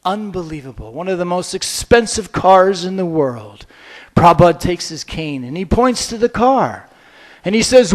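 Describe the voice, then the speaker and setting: Male lecturer, playful storyteller, high-pitched and very lively, gets the crowd joining in. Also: moderate pace. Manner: animated, playful, drives audience participation.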